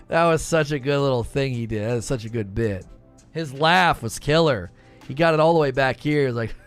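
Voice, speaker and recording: A man's voice: mid-range voice, moderate pace, smooth, faint music behind. A man hosting a gaming live stream, talking casually, rambling, joking and repeating himself as he reads chat.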